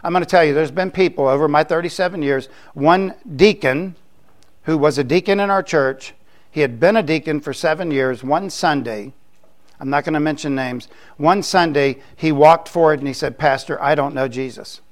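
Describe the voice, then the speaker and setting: Man, older, pastor, conversational sermon, joking asides, slightly high pitch. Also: moderate pace. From Florida, US.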